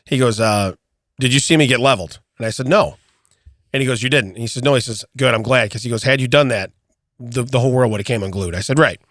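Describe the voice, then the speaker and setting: A middle-aged man co-hosting a podcast, telling an animated story in casual chat, often checking in with "okay?" and restarting his sentences. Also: mid-range voice, quick pace, no echo, studio quality. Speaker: podcast co-host.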